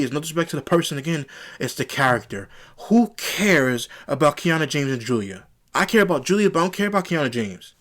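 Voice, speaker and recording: A man reviewing a wrestling show on his own channel, ranting in an exasperated way and repeating rhetorical questions. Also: on the high side. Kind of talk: opinionated solo review rant.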